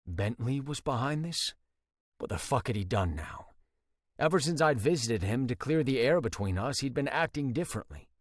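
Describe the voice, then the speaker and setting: Man, audiobook narrator, expressive, animated pitch, dry booth sound. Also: moderate pace, no room sound. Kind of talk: first-person romance audiobook narration.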